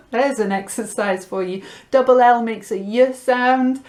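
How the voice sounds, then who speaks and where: A woman teaching a Spanish lesson, drilling sounds clearly and slipping Spanish words into her English. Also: on the high side, steady tone, darkish tone. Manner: slow, clear pronunciation drills with light laughs. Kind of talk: recorded language lesson.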